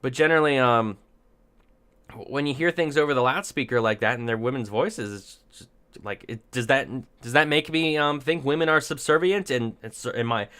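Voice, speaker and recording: A man's voice: medium pitch, moderate pace, fairly bright tone, clear, resonant tone. A man giving unscripted opinion commentary, thinking aloud in rambling sentences with many restarts and dry, sarcastic asides. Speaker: commentary vlogger.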